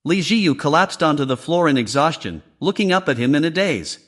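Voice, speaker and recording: A man's voice: a little high, very animated, a little fast, fairly bright tone. A man narrating a comic story recap, reading all the characters' lines in his own voice.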